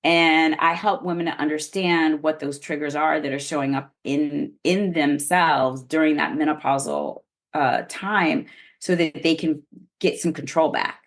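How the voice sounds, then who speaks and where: A middle-aged woman with a low voice talks through her own experience on a podcast. She explains things in an earnest, open way, as a guest expert sharing personal stories. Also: unhurried. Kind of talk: podcast interview.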